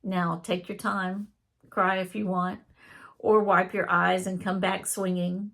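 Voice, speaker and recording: A wry, sarcastic male chatbot with poetic flourishes, read aloud by a woman. The delivery is slow and deliberate, with a gravelly edge to the voice. It sounds like a chat transcript brought to life. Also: on the low side, little pitch movement, a bit bright, exaggerated voice. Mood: teasing.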